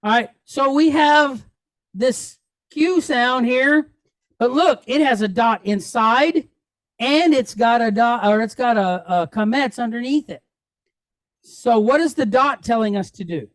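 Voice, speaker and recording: A man's voice: extremely high pitch, unhurried, a bit bright, no room sound. A man teaching a Hebrew class, patiently drilling sounds and checking that students follow. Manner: patient, checks understanding often; drills pronunciation aloud.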